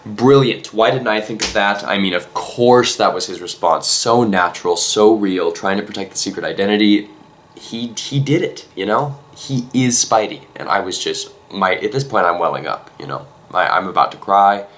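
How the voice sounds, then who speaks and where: A man vlogger telling a comic story in an earnest, mock-emotional way, halting and restarting his sentences. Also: fairly low pitch, a bit bright.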